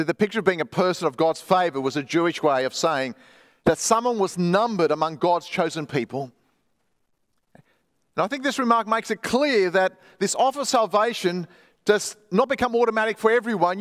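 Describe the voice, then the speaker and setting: High-voiced preaching man in reverberant church. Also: lively intonation, normal speed, a bit bright. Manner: emphatic preaching, reads quoted stories aloud. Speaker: pastor. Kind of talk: sermon. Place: church hall.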